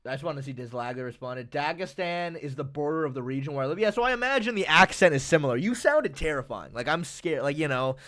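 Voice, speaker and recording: Male streamer from the USA, slightly high voice, loose rambling delivery full of fillers and curses. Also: lively intonation, quick pace, few pauses, a bit bright. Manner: rambling, filler-heavy, swears freely. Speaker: livestream host. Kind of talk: casual chat.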